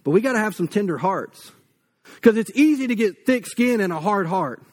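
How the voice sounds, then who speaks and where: High-voiced man preaching conversationally. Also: expressive, normal speed. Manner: conversational, folksy preaching with asides. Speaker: pastor. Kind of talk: sermon.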